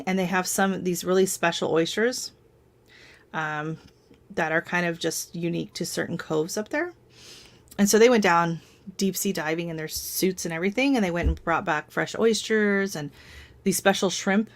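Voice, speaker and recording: A woman's voice: lowish voice, normal speed. A woman hosting a casual live stream from home, chatting and telling rambling stories with frequent laughs.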